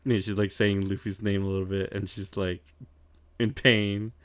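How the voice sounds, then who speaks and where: Relaxed lower-voiced male podcast co-host, swears and laughs freely, dry close sound. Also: moderate pace, dry recording. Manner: loose and profane, laughs often, many fillers. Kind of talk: casual chat, recapping an anime.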